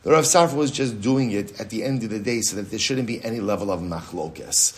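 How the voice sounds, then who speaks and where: A middle-aged man, a rabbi, teaching a lively Talmud class, asking and answering his own questions and repeating key phrases. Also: on the low side, brisk.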